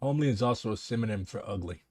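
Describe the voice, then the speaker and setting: A man's voice: on the low side, expressive, racing, music in the background. A man giving casual reaction commentary, cutting in with blunt, sarcastic remarks and some swearing.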